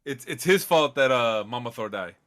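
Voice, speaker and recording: A man's voice: mid-range voice, lively intonation, normal speed, a bit bright. A man co-hosting a casual chat, laid-back and joking with crude slang. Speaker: podcast co-host. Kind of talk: casual movie recap chat.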